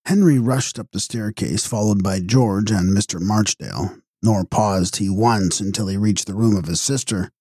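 Husky-voiced man narrating gothic fiction. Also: lowish voice, no room sound, studio quality. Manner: steady, measured storytelling. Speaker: audiobook narrator.

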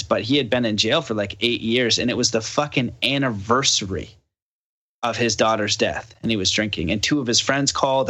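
Bright-voiced man telling a story. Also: fairly low pitch. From Canada. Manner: animated, acts out quoted dialogue. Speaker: podcast guest. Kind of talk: casual storytelling.

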